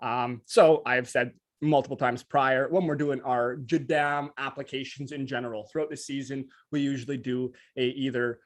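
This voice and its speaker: A man co-hosting a casual live stream, talking very fast with many restarts, over a video call. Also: mid-range voice, fairly even intonation. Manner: very fast talker, restless restarts. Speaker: co-host.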